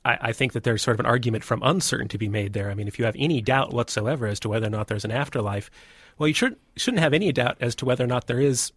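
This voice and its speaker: Slightly husky male professor guest. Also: medium pitch, fairly bright tone, no room sound. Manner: measured, explanatory, filler-heavy. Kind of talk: radio interview.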